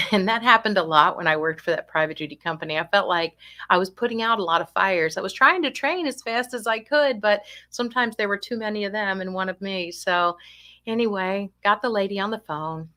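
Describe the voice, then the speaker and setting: A woman's voice: medium pitch, a little fast, sharp tone. A woman with an ordinary mid-range voice gives a talk to family caregivers about dementia care. She tells stories in a chatty, down-to-earth way and keeps tossing rhetorical questions to her listeners.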